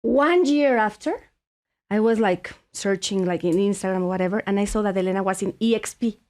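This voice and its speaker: A native Spanish speaker from Mexico, with a Mexican Spanish accent, shares a story as a podcast host in casual conversation. Her mid-range voice moves fairly quickly, animated and packed with restarts and fillers.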